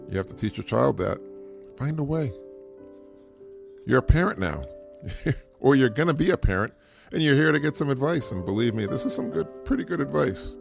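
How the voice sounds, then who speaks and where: A man's voice: mid-range voice, vocal fry. A middle-aged man hosting a podcast, giving casual parenting advice in an earnest, repetitive way and chuckling at his own points. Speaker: podcast host.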